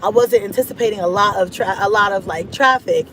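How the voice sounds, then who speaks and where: A woman vlogger telling a casual story in an animated, dramatic way, acting out her own thoughts. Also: mid-range voice, fairly quick, a little hiss or hum, low-quality recording. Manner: animated, dramatic retelling with laughs and voiced-out inner thoughts. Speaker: mom vlogger.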